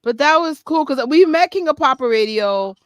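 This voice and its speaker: A woman's voice: high voice, lively intonation, moderate pace, dry recording. A woman on a video call from her apartment, talking casually and trailing off as she rambles. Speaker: guest. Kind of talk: casual chat. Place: apartment with background noise.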